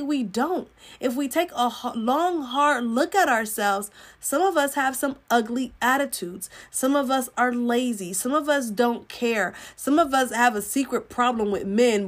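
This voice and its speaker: A woman, giving relationship advice to women in an emphatic, preachy way that acts out what people say. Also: fairly high pitch. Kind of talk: livestream advice talk.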